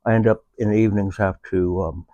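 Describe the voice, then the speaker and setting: Speaking as a veteran guest who has a service dog, a low-voiced man chats unhurriedly, stopping often with filler pauses while he hunts for words. The sound is close and dry, without room echo, and the recording is muffled.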